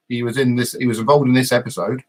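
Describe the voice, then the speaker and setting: A man's voice: medium pitch, little pitch movement, brisk, a little mellow. A man hosting a casual live podcast, recapping an episode in a meandering way with frequent hesitations. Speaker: podcast host.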